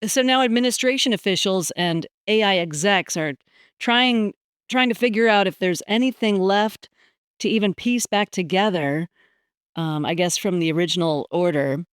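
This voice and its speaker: A woman's voice: mid-range voice, moderate pace, clear, resonant tone, dry recording, studio quality. A woman hosting a podcast, talking casually and with some amusement, using fillers. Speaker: podcast host.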